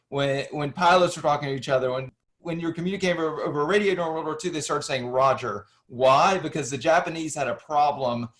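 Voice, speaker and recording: A man giving a history lecture, walking through slides and asking and answering his own questions, with frequent restarts. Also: fairly high pitch.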